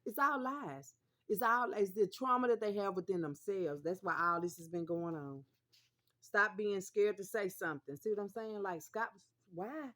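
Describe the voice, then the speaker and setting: A woman speaks to her viewers in a casual vlog, her voice sitting at an ordinary middle pitch. She drives her points home through repetition and keeps addressing listeners as honey. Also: normal speed, fairly bright tone. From Mississippi, US South. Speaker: vlogger.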